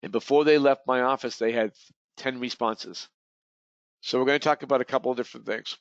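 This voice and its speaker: Speaking at a medium pitch in a steady tone, this man keeps a brisk pace through his real estate training webinar, often backtracking and repeating himself. It's a dry, dull, lo-fi webinar recording.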